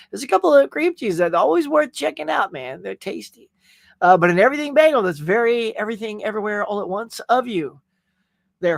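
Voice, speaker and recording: A man's voice: sits high, no room sound, studio quality. A male host in a casual live-stream chat, chatty and jokey, talking straight to his viewers.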